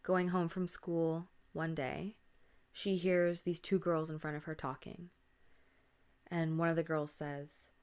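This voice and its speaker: A woman's voice: low voice, fairly even intonation, moderate pace, a little mellow, clean tone. A woman hosting a podcast, casually retelling spooky stories in a chatty, conversational way with fillers. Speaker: podcast host.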